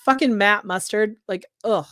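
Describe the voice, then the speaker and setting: A woman co-hosting a podcast, recapping a true-crime story in blunt, profane, animated casual chat. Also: medium pitch, normal speed, dry recording, clean studio sound. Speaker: podcast co-host.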